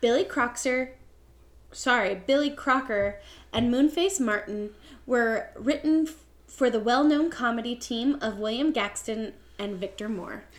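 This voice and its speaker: A woman's voice: fairly high pitch, measured pace. A woman hosting a theater podcast, reading scripted history in a light, teasing way. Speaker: podcast host.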